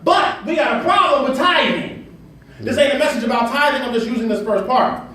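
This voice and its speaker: A man preaching a sermon as pastor, with call-and-response lines that rise to shouts, in a style. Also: very high-pitched, lively intonation, a little fast. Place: church sanctuary. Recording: echoey room from far off.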